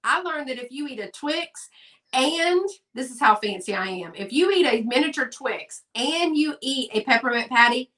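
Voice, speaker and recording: A woman's voice: high-pitched, pushed and bright, far from the mic. A woman, hosting a live sale in a chatty, folksy way and talking to viewers in the chat. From Texas. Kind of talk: casual live-stream selling chat.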